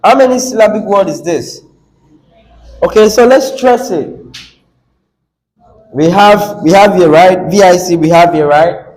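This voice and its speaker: A man's voice: sits high, unhurried, long pauses, darkish tone, low-quality recording. A man with a Nigerian English accent teaching a classroom lesson on word stress, coaxing the class, repeating words and asking questions.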